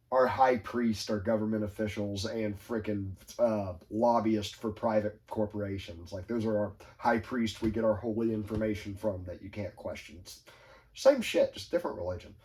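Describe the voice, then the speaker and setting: A man hosting a podcast, talking in a rambling, animated way with quick asides and quoted voices. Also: lowish voice. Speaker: podcast host. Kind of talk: casual chat.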